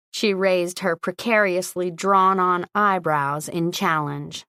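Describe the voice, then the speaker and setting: A woman reads a romantic comedy audiobook aloud in an even, measured storytelling voice. Her pitch sits on the low side and the recording is close and dry with no room sound. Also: smooth, no echo. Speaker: audiobook narrator. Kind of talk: scripted narration.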